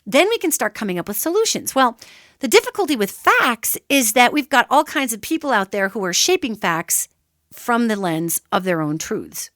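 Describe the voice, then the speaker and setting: A woman's voice: on the high side, moderate pace, no echo, studio quality. A woman hosting a solo radio talk show, explaining ideas in an emphatic, conversational way and addressing listeners directly. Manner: animated, emphatic, conversational teaching.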